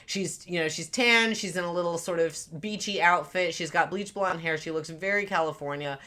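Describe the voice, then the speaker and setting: A woman's voice: fairly low pitch, normal speed, bright, forceful tone. A woman co-hosting a podcast, reviewing a show in casual chat, blunt and exasperated, swearing freely. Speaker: podcast co-host.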